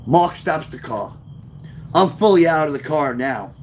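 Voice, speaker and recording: A man reading his own memoir aloud, telling the story with lively, offhand asides. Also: on the high side, unhurried, a little hiss or hum. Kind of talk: first-person memoir storytelling.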